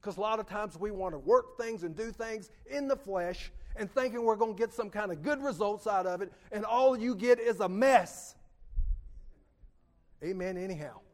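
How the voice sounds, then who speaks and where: Male preacher, high voice, sermon on a church mic, call-and-response delivery with sudden loud swells. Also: normal speed. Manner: call-and-response, asks the congregation for amens; swings between soft, low asides and loud emphatic peaks. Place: church sanctuary. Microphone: PA microphone.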